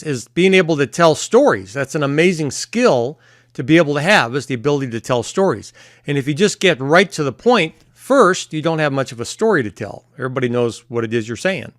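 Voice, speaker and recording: A man, a therapist and coach, talking casually to camera and explaining things with pauses and repeats. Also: a little high, a bit bright, no echo, clean studio sound. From United States. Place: at home early morning.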